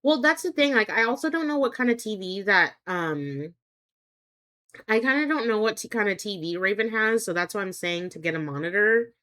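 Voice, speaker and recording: A woman's voice: mid-range voice, lively intonation, normal speed, fairly bright tone. Rambling young woman streamer, full of fillers. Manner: rambling, hesitant, many fillers and restarts. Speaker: live streamer. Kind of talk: casual chat with viewers. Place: home streaming setup.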